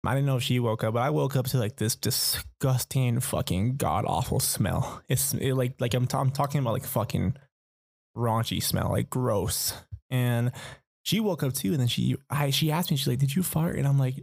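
Gravelly young man telling a rambling story. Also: mid-range voice, normal speed, dry recording. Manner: rambling, profane, lots of fillers. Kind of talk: casual storytelling.

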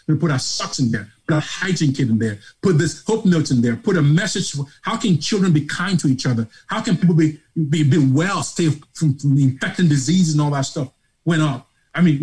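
A middle-aged man with a Nigerian accent, a charity founder telling his story as an interview guest in a passionate, preacher-like way that swings from hushed to loud. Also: a little high, husky, low-quality recording. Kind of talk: emotional motivational storytelling.

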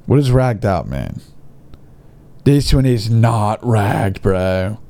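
A man giving comedic commentary with a mocking, sarcastic edge and quick asides. His pitch jumps around a lot, and his tone stays mellow and dark. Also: lively intonation. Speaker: host.

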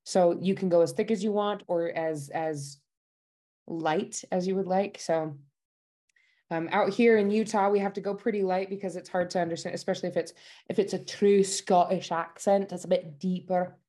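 A woman working as a dialect coach, chatting casually in an interview, bubbly and quick to laugh. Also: lowish voice, fairly even intonation, dark tone. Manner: bubbly, laughs often, enthusiastic about food. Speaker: dialect coach at a themed park. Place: Utah.

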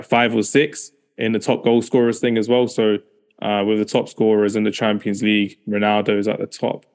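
A man's voice: lowish voice, gravelly. A man hosting a casual football chat, rambling and often repeating himself. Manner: fast, rambling, repeats "as well". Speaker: podcast host.

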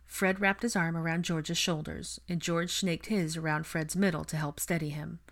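A woman narrating a fan fiction story in a steady, measured reading. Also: lowish voice.

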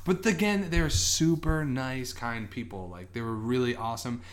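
Man, casual podcast storyteller, rambling anecdotes, acted-out quotes, medium pitch. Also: moderate pace. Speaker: podcast co-host.

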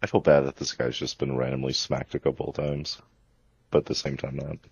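A man playing a character in a tabletop game, speaking haltingly and correcting himself. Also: a bass voice, flat delivery, vocal fry, breathy edge, dry recording. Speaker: player. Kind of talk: tabletop role-play. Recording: dull, lo-fi mic.

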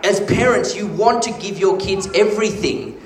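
A man preaching a sermon, telling stories with animated energy and frequent laughter. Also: sits high, normal speed, reverberant, poor audio. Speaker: pastor.

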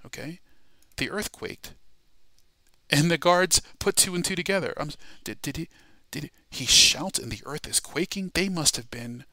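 A man preaching through a Bible lesson with a gravelly, forceful voice. He rises to loud, emphatic declarations and keeps checking in with his listeners. The sound is dry and close. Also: mid-range voice, dry recording. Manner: emphatic, building to loud proclamations, frequent "all right?" and "okay?" check-ins. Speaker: Bible study teacher. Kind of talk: sermon-style Bible teaching.

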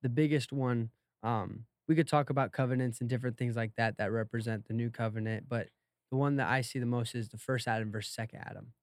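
A man's voice: mid-range voice, steady tone, fast, dry recording, studio quality. A male podcast guest explaining a concept in a teacherly, casual way. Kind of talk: casual chat.

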